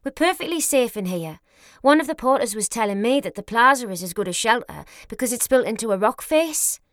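A woman voicing an impulsive, loud young nurse with a Newcastle accent, blunt and excitable. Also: on the high side, brisk, no echo, studio quality. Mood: careless.

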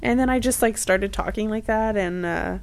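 A woman's voice: medium pitch, moderate pace, a little hiss or hum. Podcast co-host, woman, Acadian-flavored Canadian accent, loose, sweary, laughing. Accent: Acadian French-influenced Canadian English. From Edmonton, Canada. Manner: swears freely, laughs often. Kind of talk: casual chat.

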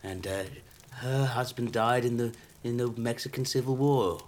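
A man spins tall tales about haunted trinkets in a mock-solemn salesman's tone, stumbling over restarts. His pitch sits mid-range, with faint hiss in the background. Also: normal speed, darkish tone. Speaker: comedy podcast co-host presenting curios. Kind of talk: improvised comic patter.

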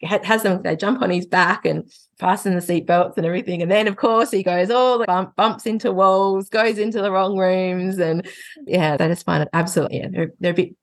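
A woman speaks as a podcast guest, her voice low with a gravelly fry. She tells animated stories about her family and laughs often. The recording is dry and close. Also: a little fast, dry recording. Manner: lively storytelling, laughing often. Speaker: guest, parenting educator. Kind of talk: casual podcast conversation.

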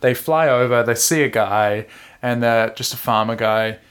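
A man's voice: mid-range voice, moderate pace, fairly bright tone, clear, resonant tone. A man co-hosting a podcast, chatting casually about a manga, joking and laughing often. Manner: jokey, laughs often, retells scenes in voices. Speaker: podcast co-host.

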